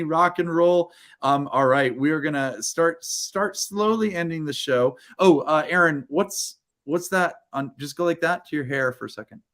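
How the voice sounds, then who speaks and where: A man hosting a book launch on a video call, upbeat and chatty, laughing often between remarks. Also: fairly high pitch. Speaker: host of a book launch livestream. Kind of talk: casual livestream hosting.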